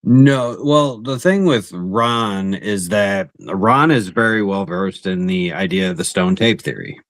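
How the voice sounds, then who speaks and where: A man co-hosts a casual talk show, explaining things earnestly. His voice sits low. The sound is dry and close. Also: slow pace, dry recording. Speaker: podcast co-host. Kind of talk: casual chat.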